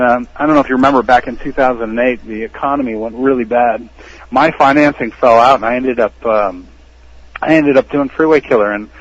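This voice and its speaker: An American man, an actor, tells his stories as a podcast guest, lively and quick to laugh. His voice sits at an ordinary middle pitch. It comes through a dull, lo-fi line that takes the top off the sound. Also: slightly rough. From United States. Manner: animated storyteller who laughs often. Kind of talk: casual interview storytelling.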